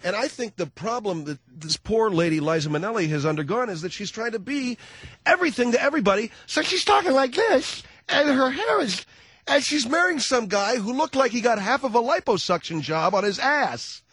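A man's voice: high-pitched, expressive, brisk, fairly bright tone, slightly rough, no room sound. A man hosting talk radio, rambling through a sardonic, self-mocking comic monologue into a studio microphone. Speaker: radio talk show host.

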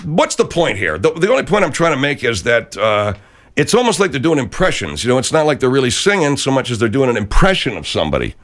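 A man's voice: medium pitch, very animated, fast talker, fairly bright tone. A man hosting a radio comedy talk show, hesitant and often exasperated. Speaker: host.

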